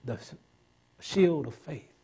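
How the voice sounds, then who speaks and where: Husky-voiced impassioned male preacher. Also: a little high, animated, slow. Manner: impassioned, swells loud on key points, asks the congregation questions. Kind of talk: sermon with call and response.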